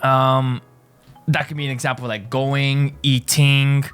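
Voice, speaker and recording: Dude explaining stuff in a chill video lesson, keeps saying right?, some quiet music behind. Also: male voice, mid-range voice, little pitch movement, slow pace, smooth. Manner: explains in loose restarts, tags with right?. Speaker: language teacher.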